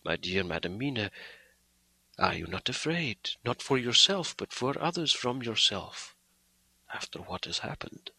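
A man reading aloud, voicing an elderly male doctor who speaks slowly, gravely and with fatherly pleading. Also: on the low side, lively intonation, pushed and bright, no room sound, full character voice, poor audio. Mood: gentle. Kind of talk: audiobook character voice.

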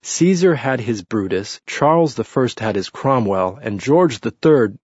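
A man's voice: mid-range voice, expressive, unhurried, darkish tone, slightly rough, no echo, voice pushed up. A man voicing a bitter, witty redheaded Englishman who talks dryly and mournfully. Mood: sardonic. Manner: dry, mournful, sardonic. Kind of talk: audiobook character reading. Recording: muffled lo-fi recording.

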